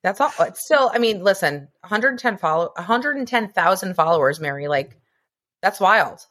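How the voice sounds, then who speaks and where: A woman's voice: mid-range voice, expressive, moderate pace, a bit bright. A woman co-hosting a podcast, chatting earnestly about motherhood and swearing casually now and then. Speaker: podcast co-host. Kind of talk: casual chat.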